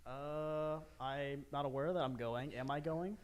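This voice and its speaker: A man putting on a quiet, deadpan voice for an offstage male co-host who answers him. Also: fairly high pitch, measured pace, smooth, voice pushed up, natural voice.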